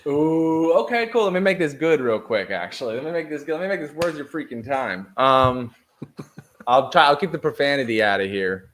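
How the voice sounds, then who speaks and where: Lively laughing guest, casual cursing. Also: male voice, on the high side, moderate pace. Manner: energetic, laughing, casual swearing. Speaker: podcast guest. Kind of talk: casual chat.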